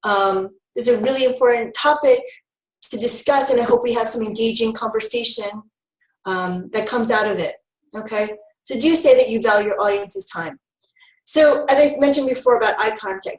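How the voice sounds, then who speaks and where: A woman health educator giving a lively, fast-talking training talk on public speaking, with frequent fillers. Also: on the high side. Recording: roomy, mic at a distance.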